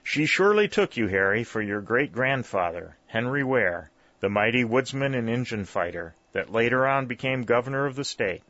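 A man's voice: mid-range voice, animated, normal speed, few pauses, fairly bright tone, no echo. A man reading voicing a hearty middle-aged backwoods mountain man who talks in a folksy, jovial drawl. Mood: explaining, relieved. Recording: dull, lo-fi dry recording.

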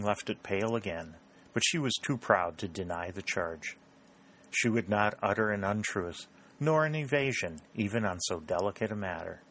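Man, low voice, audiobook narration, measured and steady. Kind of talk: scripted narration of a novel.

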